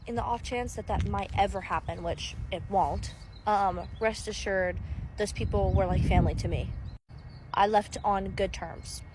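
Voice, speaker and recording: A woman's voice: mid-range voice, noisy background. A woman vlogging about her new businesses in a confident, chatty way. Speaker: aspiring entrepreneur. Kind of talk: casual vlog monologue.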